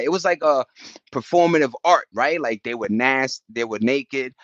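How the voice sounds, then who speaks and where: A middle-aged man tells stories in a loose, slangy way, often leaping up in pitch for impressions and beat sounds. His voice sits in a middle register. The recording is dry and a little dull, with no room sound. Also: normal speed, no room sound. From New York. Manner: animated, slangy, jumps into high-pitched impressions and beatboxing. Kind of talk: casual storytelling chat.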